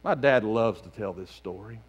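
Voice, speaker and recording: A man preaching a sermon as lead pastor in a church sanctuary, animated, swinging between loud outbursts and hushed lines. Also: on the low side, moderate pace, dull audio.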